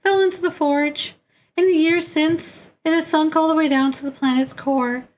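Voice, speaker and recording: A woman's voice: high voice, fairly even intonation, moderate pace, voice pushed up, close to an everyday voice. A man voicing a chirpy young female guide in a sing-song manner, reading a webcomic aloud with voices. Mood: cheerful instructing.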